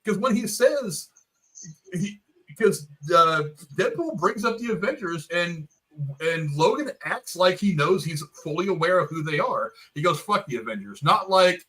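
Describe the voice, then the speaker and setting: A man hosting a casual movie review talk, animated and theorizing, swearing now and then. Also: high voice, a little slow, poor audio. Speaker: podcast host.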